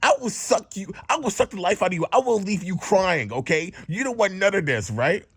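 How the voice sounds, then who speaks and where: A man voicing a hot-tempered young woman coworker who shouts curses and taunts, in a storytime vlog. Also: mid-range voice, animated, brisk, breathy edge, pitched above the performer's own voice. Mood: menacing.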